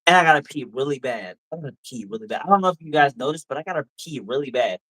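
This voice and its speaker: A drunk man hosting a casual stream, reading viewer comments and arguing loudly, profane and repetitive. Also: medium pitch, animated, quick pace, rough recording. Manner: loud, profane, argumentative, repetitive. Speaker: livestream host.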